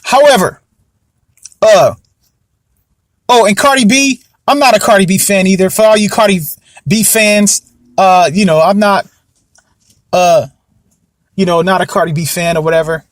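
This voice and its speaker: A man's voice: high voice, normal speed, pauses often, no echo, studio quality. A young man hosting a casual commentary podcast, rambling and repeating himself, often asking if you know what he means. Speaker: podcast host.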